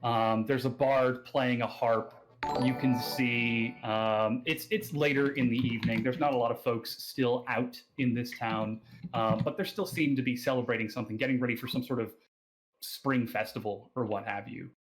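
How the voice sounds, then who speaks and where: A man with an Australian accent narrating a tabletop game as game master, pausing often with fillers. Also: mid-range voice, fairly even intonation, faint music behind, low-quality recording. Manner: hesitant, many fillers and restarts.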